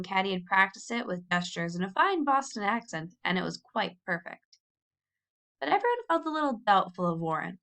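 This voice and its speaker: Woman reading a children's novel aloud. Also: medium pitch. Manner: lively storytelling, lifting her voice for the children's quoted lines. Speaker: audiobook reader. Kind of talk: scripted narration of a children's novel.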